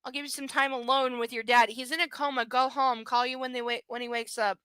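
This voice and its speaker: Brief: woman reading calm young husband, flat delivery, smooth voice. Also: high voice, a little fast, no echo, clean studio sound. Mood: matter-of-fact. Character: calm rich young husband at hospital bedside.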